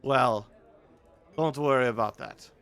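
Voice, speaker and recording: A man voicing a male tavern bouncer in a low, grumbling tone. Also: takes it slowly, creaky, a bit bright, smooth. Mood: obliging.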